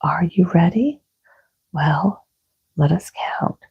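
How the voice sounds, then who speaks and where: A woman whispering as a gentle coaxing mother. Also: on the low side, slow, gravelly, breathy edge, dry recording, highs cut off, exaggerated voice. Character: playful young mother of a boy. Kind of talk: whispered role-play.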